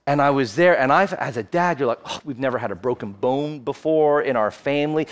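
A man's voice: mid-range voice, fairly quick. Fervent preaching pastor, a man. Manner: personal storytelling, rising to fervent preaching. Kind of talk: sermon. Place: church, streamed online.

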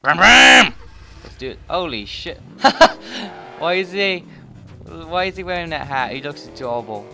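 Man, gaming commentary, swearing, wild jumps in pitch, high voice, game music behind. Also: moderate pace. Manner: loud, profane, excitable outbursts. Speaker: gaming YouTuber.

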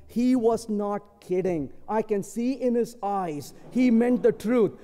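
A man's voice: very high-pitched, moderate pace, few pauses. A man speaking at a conference, telling stories and tagging points with rhetorical questions. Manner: animated storytelling, rhetorical "isn't it?" tags. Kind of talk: conference talk with anecdotes. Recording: long hall reverb.

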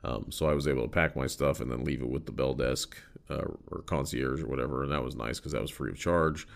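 A man's voice: rumbling low, steady tone, fast talker, gravelly. An American man hosting a podcast, telling a story in a loose, rambling way with casual swearing. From United States. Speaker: podcast host.

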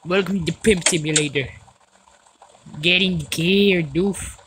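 A woman doing casual let's-play commentary, excitable, yelling and swearing at the game. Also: medium pitch, measured pace, long pauses, very noisy. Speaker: gaming video host.

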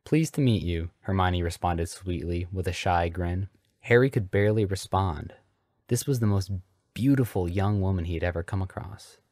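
A man's voice: deep voice, normal speed, a little mellow, dry recording, clean studio sound. A man reading a story aloud as a comedic dramatic reading, in a mock-earnest way. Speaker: podcast host reading fanfiction aloud.

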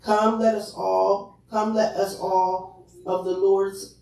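A woman's voice: mid-range voice, flat delivery, slow, creaky, dark tone. A woman reading scripture aloud at a Bible study, careful and correcting herself as she goes. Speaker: scripture reader. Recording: echoey room, distant mic.

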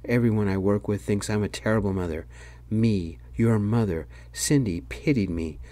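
A man voicing a bitter, angry middle-aged mother in a soft-spoken whispered role-play. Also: fairly low pitch, normal speed, close to an everyday voice.

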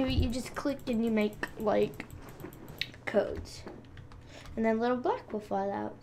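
With a fairly high pitch and a slightly mellow sound, this young gaming host speaks slowly and leaves long pauses. She's chatty and playful, talking to viewers as she clicks through casual gameplay, and there's a little hiss or hum.

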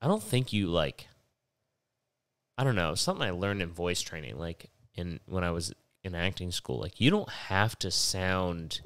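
A man's voice: low voice, lively intonation, normal speed, fairly bright tone, clear, resonant tone, dry recording. A young man hosting a podcast while sick with a stuffy, nasal voice, rambling casually and swearing often. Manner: rambling, profane, digressive. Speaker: podcast host.

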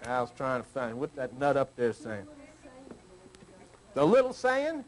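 A man's voice: mid-range voice, wildly swooping pitch, measured pace, poor audio. An older man giving an informal, teasing sermon to a small group, acting out people's prayers in a folksy way. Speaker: spiritual teacher.

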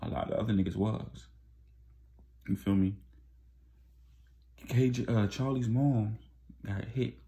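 A man's voice: on the low side, gravelly, dark tone. A man casually recapping a street story in slangy, loose speech with many fillers.

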